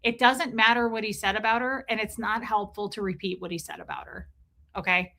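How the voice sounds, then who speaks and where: Bright-voiced woman streaming live commentary. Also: mid-range voice, fairly even intonation, fairly quick. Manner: emphatic, repeats herself, breaks off to greet viewers. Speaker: livestream host reading chat. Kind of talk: casual livestream commentary.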